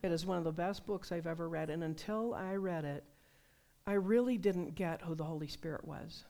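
A woman preaching a sermon, telling personal stories in a conversational, animated way. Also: lowish voice, moderate pace. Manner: conversational, animated storytelling with laughs.

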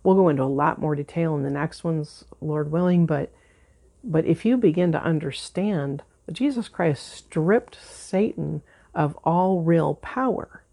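A woman preaching in a low, gravelly voice with a husky edge. She talks earnestly and conversationally, repeating words for emphasis as a pastor addressing her congregation. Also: warm tone. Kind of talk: conversational sermon.

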